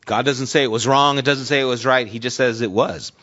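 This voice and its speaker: A man's voice: mid-range voice, fairly even intonation, fairly quick, sharp tone. A man preaching a sermon in a conversational way, reading scripture aloud with dramatic emphasis. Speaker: pastor. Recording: dull lo-fi recording.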